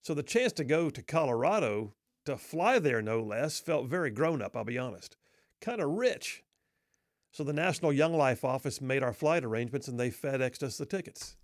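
A man's voice: mid-range voice, animated, normal speed, no echo, studio quality. Wry man telling a folksy story. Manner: wry, self-deprecating, folksy. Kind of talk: humorous personal storytelling.

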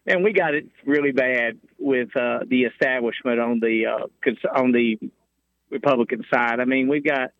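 Radio caller, man, halting and hesitant, dull muffled phone line. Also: mid-range voice, fairly bright tone, no echo. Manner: halting, filler-heavy.

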